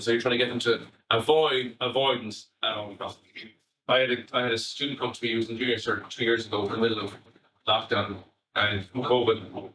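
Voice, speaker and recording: An Irish man, a family psychotherapist, giving an animated talk to educators and acting out bits of dialogue as he tells stories. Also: medium pitch. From Ireland. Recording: echoey hall, voice from far off.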